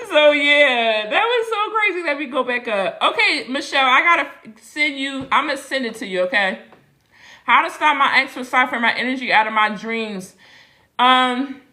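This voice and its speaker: A middle-aged woman with a slightly high voice chats with her viewers in a casual live Q&A, laughing often and talking straight to them. She answers their questions as a spiritual reader. The room around her gives the voice a noticeable echo. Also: pushed and bright.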